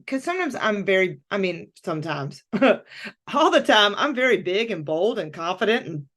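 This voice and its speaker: A woman's voice: mid-range voice, moderate pace. A woman coach telling a personal story in candid conversation, acting out her own thoughts as she goes. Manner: animated, acts out her own inner voice. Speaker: podcast guest, coach.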